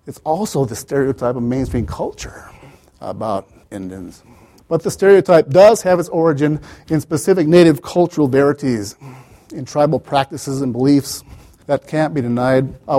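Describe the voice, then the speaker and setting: A man's voice: medium pitch, dark tone. A man giving an academic lecture as the author, digressive, with wry asides and many "you know" fillers.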